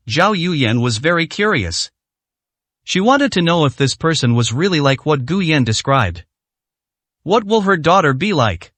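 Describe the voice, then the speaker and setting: Man narrating a story, lively pitch. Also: no room sound.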